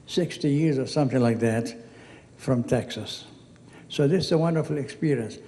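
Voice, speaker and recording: A man's voice: a little high, mellow. Older Lebanese-accented man in a hall. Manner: chatty storyteller, acts out quoted dialogue. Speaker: honoree giving acceptance speech. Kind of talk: anecdotal speech. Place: event hall. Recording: reverberant hall.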